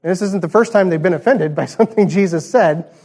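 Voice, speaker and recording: A man's voice: sits high, fast talker, darkish tone. A man preaching a conversational sermon, teaching through a passage and asking the congregation rhetorical questions. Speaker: pastor.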